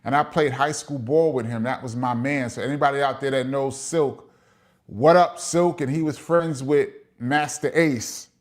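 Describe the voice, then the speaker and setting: A middle-aged man with a New York accent hosts a casual live chat, reading viewer comments aloud and giving long-winded shout-outs. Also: medium pitch, steady tone, normal speed. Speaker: host of a live chat show.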